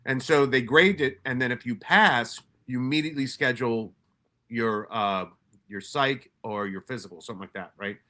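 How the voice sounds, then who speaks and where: A man raised in New York tells his stories casually, stumbling over restarts and swearing freely. His voice is bright and forceful. He acts out his own lines and those of others as he goes. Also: mid-range voice, normal speed. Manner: profane, animated retelling with many restarts and quoted asides. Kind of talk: casual storytelling.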